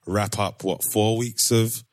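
Low-voiced man hosting a podcast chat. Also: slow, no room sound, studio quality. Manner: relaxed, laughs often, uses slang. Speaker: podcast host. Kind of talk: casual chat.

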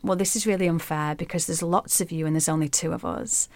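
A woman's voice: low voice, steady tone, a little fast, darkish tone, no echo. A woman voicing two arrogant male demon kings, dismissive and bossy, close to her own voice.

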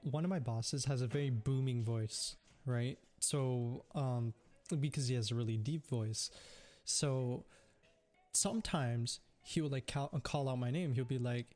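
A man's voice: medium pitch, dark tone. A man telling a work story in casual chat, full of fillers and restarts. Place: on a voice call.

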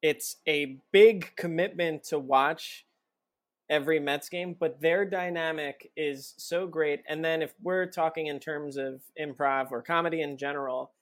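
A man's voice: on the high side, steady tone, measured pace. A man guest on a casual podcast chat, talking at length and laughing mid-sentence.

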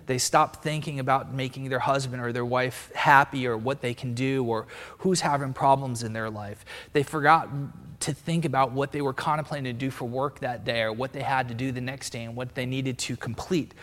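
A man's voice: medium pitch, a bit bright. A man giving a casual, meandering talk on spiritual ideas, thinking aloud as he explains. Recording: long reverb, echoey room.

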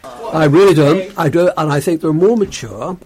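A man's voice: on the high side, moderate pace, mellow, breathy edge. An older man with a Bolton accent under a put-on transatlantic one, guesting on a radio chat with dry, self-mocking humour. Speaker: guest, a co-host's father.

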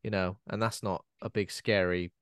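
A man in mid-range pitch chats through a film review for a podcast, circling back on his words and cracking jokes at his own expense. The sound is dry and close, with no room around him. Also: moderate pace, smooth, no room sound. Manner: rambling, self-correcting, jokey, animated when quoting. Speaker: podcast co-host, film critic. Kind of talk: casual film review chat.

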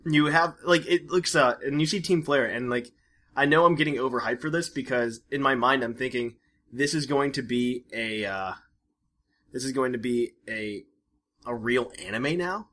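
A man's voice: medium pitch, normal speed, fairly bright tone. A man co-hosting a casual podcast, rambling with lots of fillers and restarts. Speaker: podcast co-host.

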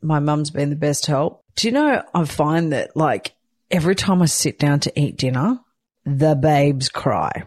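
A woman's voice: low-pitched, expressive, unhurried, a little mellow, dry recording. A sleep-deprived new mother talking candidly in a casual weekly chat, swearing lightly and laughing often. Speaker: weekly vlogger, new mother of twin boys.

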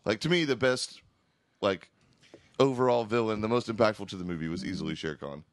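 A man's voice: lowish voice, fairly quick, no room sound. A man in a casual chat with friends, blunt and profane, often laughing.

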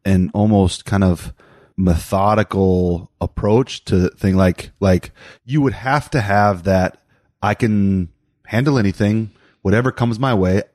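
A man's voice: on the low side, a little slow, a little mellow, no room sound, clean studio sound. A man co-hosting a casual chat, supportive and reflective, chiming in with short agreements. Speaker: co-host.

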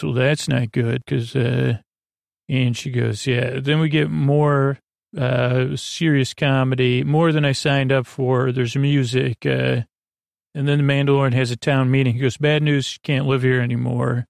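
Gravelly rambling podcast host. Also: male voice, mid-range voice, little pitch movement, no echo. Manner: rambling, halting, full of fillers and restarts; dry, offhand retelling of scenes with quoted lines. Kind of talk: comedic episode recap.

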